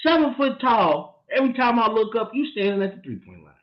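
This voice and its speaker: In an echoey, dull lo-fi room, a man with a high, very animated voice and fairly quick delivery co-hosts a sports podcast. He's emphatic, laughing, and throwing playful trash talk in the casual sports chat.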